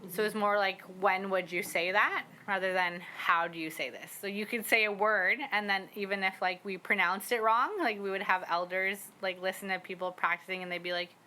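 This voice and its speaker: A young woman from the Squamish Nation, a parent learning her language, chatting casually with lots of fillers and quick laughs as she acts out little quotes. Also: mid-range voice, fairly even intonation, bright, forceful tone, poor audio. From Squamish Nation, British Columbia, Canada. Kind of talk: casual conversation. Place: outdoor community garden.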